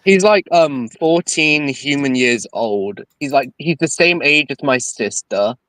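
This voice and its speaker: A man's voice: mid-range voice, animated, unhurried, a bit bright, dry recording, rough recording. Young man, casual and loose. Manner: loose, fillers like "like", swears casually. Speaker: son of the host. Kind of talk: casual chat.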